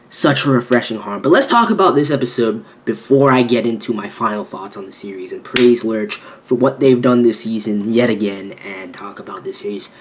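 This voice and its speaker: A man reviewing an anime episode with hyped, animated energy, swearing freely and jumping into exaggerated quoted reactions. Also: medium pitch, moderate pace. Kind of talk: excited video review commentary.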